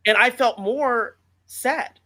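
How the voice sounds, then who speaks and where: A man's voice: very high-pitched, slow, pushed and bright. A man co-hosting a casual podcast about writing, talking earnestly and reflectively with many fillers. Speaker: author and podcast co-host.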